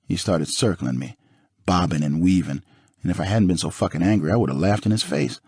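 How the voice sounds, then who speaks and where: A man narrating an audiobook in the first person with a dramatic, expressive reading. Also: sits low, a little fast, breathy edge, no echo, clean studio sound.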